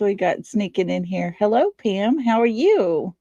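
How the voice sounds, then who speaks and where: With a warm, sing-song, mid-range voice at a measured pace, a tired Texan woman with a Texan accent hosts a casual livestream, chatting folksily and greeting viewers by name. The recording is dry and muffled.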